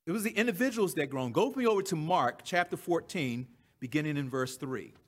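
A man's voice: fairly high pitch, lively intonation, a little fast. A man preaching a sermon, reading scripture aloud and repeating key phrases for emphasis.

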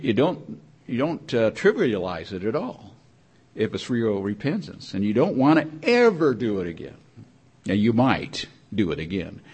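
Older male preacher, mid pitch, loose rambling sermon delivery with restarts. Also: husky. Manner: rambling, repetitive, conversational preaching with frequent restarts.

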